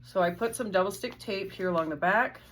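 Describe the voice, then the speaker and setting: A woman's voice: medium pitch, brisk, fairly bright tone, slight background noise. A woman walking through a sewing tutorial step by step, in a friendly, methodical, casual way. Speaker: sewing instructor.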